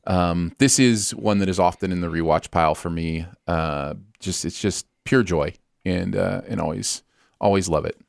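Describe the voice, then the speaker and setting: A man hosts a relaxed podcast conversation about favourite movies, speaking with enthusiasm. His voice is smooth and resonant, recorded dry and close. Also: low voice, moderate pace, dry recording. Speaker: podcast host. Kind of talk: casual film chat.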